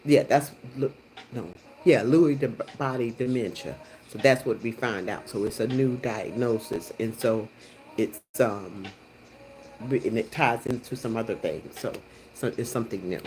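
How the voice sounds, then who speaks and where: A middle-aged woman hosting her own live stream, telling a story in a rambling, animated way with many restarts. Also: extremely low pitch, normal speed, slight background noise, poor audio. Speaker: livestream host.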